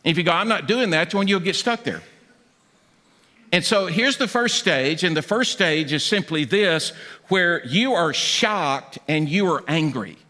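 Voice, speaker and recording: A man preaching from a church stage, with a high, forceful, bright voice that carries. He talks like a conversation, slipping into acted voices for the people he quotes. The sound rings out with the long reverb of a large hall. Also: expressive, unhurried. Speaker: pastor. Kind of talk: sermon.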